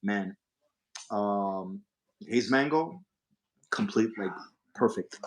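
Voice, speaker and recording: A man's voice: lowish voice, lively intonation, drawn-out words, very noisy. Man chatting casually on a livestream. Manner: rambling, frequent fillers and restarts. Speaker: livestream host. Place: hookah lounge.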